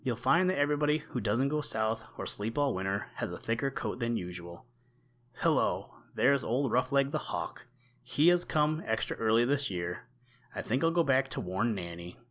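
A man voicing a small, cheeky male meadow mouse with a squeaky, pert and persistent voice in a storybook reading. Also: lively intonation, moderate pace, fairly bright tone, close to an everyday voice. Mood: knowing.

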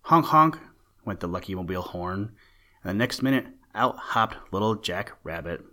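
Gentle man reading a children's story. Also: low-pitched, lively intonation, moderate pace. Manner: gentle, old-fashioned storytelling. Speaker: narrator.

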